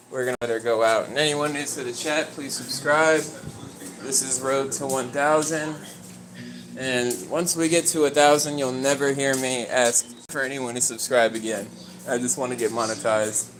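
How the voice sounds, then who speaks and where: A man's voice: medium pitch, background noise. A man livestreaming, telling a story in a rambling, conversational way and talking to his dog.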